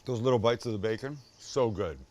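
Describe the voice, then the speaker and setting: A man's voice: on the low side, a little fast, darkish tone. A middle-aged man hosting a casual cooking show, joking and talking straight to the viewer as he cooks and tastes. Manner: enthusiastic, jokey, talks to the viewer.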